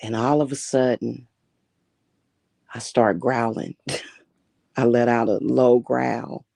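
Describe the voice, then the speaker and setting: Woman, spiritual-reader host on a livestream; gravelly, mid-pitched voice, dry close sound, blunt and profane delivery. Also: steady tone, slow, warm tone, no room sound. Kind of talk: casual livestream storytelling.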